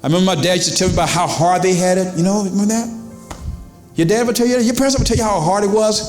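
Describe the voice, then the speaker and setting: Male pastor, fairly high voice, conversational sermon, echoey church, faint music behind. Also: rapid-fire, darkish tone. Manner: conversational preaching with quoted voices and questions to the congregation. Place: church sanctuary.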